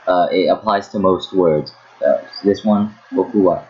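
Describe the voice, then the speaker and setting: A man's voice: low voice, steady tone, moderate pace. A man giving a casual online lesson, often stopping and repeating words as he demonstrates pronunciation, with a hair dryer running in the background. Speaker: language teacher. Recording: dull lo-fi sound with hair dryer noise behind. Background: hair dryer noise.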